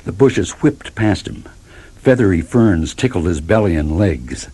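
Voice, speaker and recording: A man's voice: low voice, expressive, measured pace, noisy background. A man reading a children's chapter book aloud, expressively, with dramatic sound words. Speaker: storybook reader. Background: background music.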